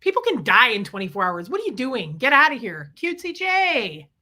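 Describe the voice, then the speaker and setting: A middle-aged woman telling a story to her viewers. She is sick with chest congestion and rants in animated bursts, stopping to greet viewers by name. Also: a little high, a little fast. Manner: ranting, animated storytelling, reading out viewer names. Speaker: livestream host. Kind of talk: casual chat to viewers.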